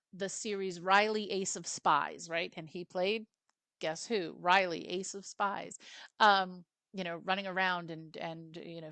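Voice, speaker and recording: A woman's voice: on the low side, pushed and bright, clean tone, no room sound. A woman hosting a casual film review chat over a video call, rambling with asides and fillers. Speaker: film club host.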